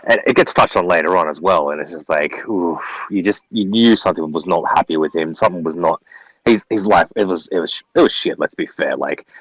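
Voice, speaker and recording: Male guest, very low voice, quick rambling delivery, casual film chat. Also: fairly bright tone, no echo, poor audio. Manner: fast, rambling, repeats words. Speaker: guest co-reviewer.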